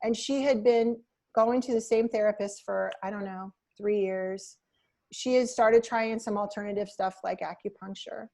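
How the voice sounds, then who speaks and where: A woman's voice: mid-range voice, fairly even intonation, normal speed, creaky, dark tone. A woman being interviewed as a hypnotherapist. She tells client stories and personal experiences in an earnest, reflective way. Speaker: hypnotherapist guest. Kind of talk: conversational interview.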